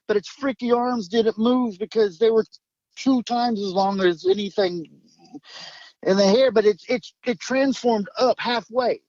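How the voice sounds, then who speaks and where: A man's voice: high-pitched, darkish tone, no room sound, lo-fi sound. A man telling his story in a rambling, emphatic way, swearing and jumping between thoughts. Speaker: guest recounting an encounter.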